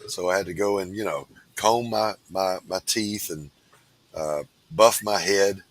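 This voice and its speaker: A man's voice: deep voice, unhurried. A man from Kentucky with a Southern accent, co-hosting a casual chat show and joking with the others. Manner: joking, banters and teases. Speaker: co-host.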